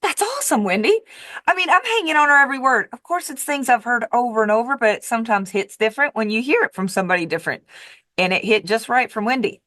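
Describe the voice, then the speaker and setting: A woman's voice: a little high, animated, quick pace, fairly bright tone, dry recording, studio quality. A woman diet coach giving a casual motivational monologue, emphatic and repetitive, with the occasional swear word.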